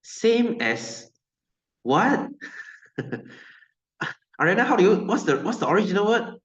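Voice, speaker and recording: A man's voice: high-pitched, sing-song, measured pace, roomy sound, lo-fi sound. A man with a Malaysian English accent teaching a science class, chatty and joking, laughing often and slipping into Malay.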